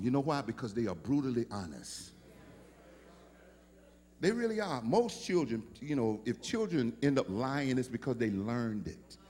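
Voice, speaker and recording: A male pastor, preaching a sermon in a storytelling way that rises into shouted preaching. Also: medium pitch.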